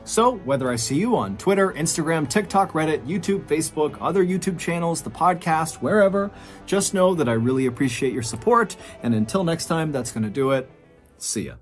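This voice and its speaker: A man's voice: on the high side, expressive, fairly quick, soft background music. A man hosting a storytelling show, recounting a true crime story in a conversational style with dramatic emphasis on key lines. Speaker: host and storyteller.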